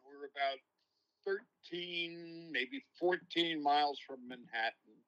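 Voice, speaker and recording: Older New sportscaster, bright voice. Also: male voice, on the high side, takes it slowly, rough recording. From New York. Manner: long-winded, reflective storytelling. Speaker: baseball broadcaster, guest. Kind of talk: casual interview, storytelling.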